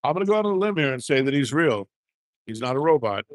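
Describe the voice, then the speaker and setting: A man's voice: mid-range voice, big pitch swings, quick pace, dry recording. A man hosting a casual livestream, chatting in a folksy, drawling way from a handheld camera rig. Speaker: livestream host. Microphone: handheld gimbal camera.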